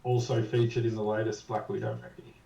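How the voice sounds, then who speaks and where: A man's voice: fairly low pitch, big pitch swings, fairly quick, gravelly, warm tone, dull audio. An Australian man co-hosting a live stream, teasing and cheeky, heavy on slang. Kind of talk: casual live-stream chat. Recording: echoey, distant from the mic.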